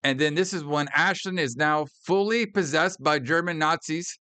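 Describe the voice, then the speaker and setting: A man co-hosting a podcast, casually recapping a horror movie scene by scene, profane and animated, acting out the characters' lines. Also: fairly high pitch, moderate pace, clear, resonant tone, dry recording. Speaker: podcast co-host.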